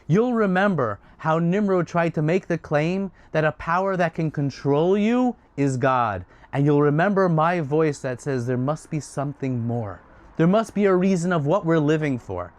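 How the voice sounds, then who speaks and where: A man voicing a defiant young man who stands up to a tyrant in an impassioned speech. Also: fairly high pitch.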